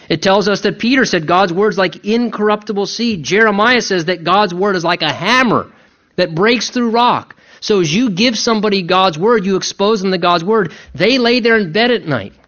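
Man, pastor, sermon, emphatic animated delivery, higher-pitched voice, muffled recording. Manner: emphatic, animated preaching with mock-voiced asides.

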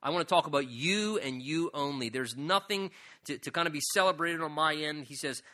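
A man's voice: fairly high pitch, fairly quick, bright, forceful tone. A man preaching a sermon, earnestly paraphrasing scripture in his own words and building to emphatic passages. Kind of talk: sermon on a psalm.

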